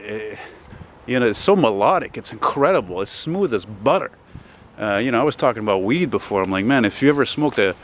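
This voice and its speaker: Rambling, chatty Montreal man in his forties, street vlogger walking and talking to camera, light street noise. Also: medium pitch. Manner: rambling, chatty, swears casually, many fillers. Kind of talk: casual walking monologue. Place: outdoors on a city street.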